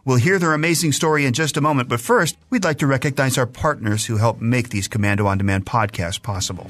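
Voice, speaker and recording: A man's voice: mid-range voice, fast talker. Guy doing the show intro promo, upbeat announcer read.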